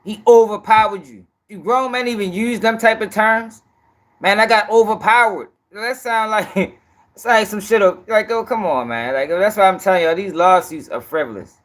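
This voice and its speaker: High-voiced man mocking a news story. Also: moderate pace. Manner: loud, laughing, profane and mocking. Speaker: commentary host. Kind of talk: reaction commentary on a news clip.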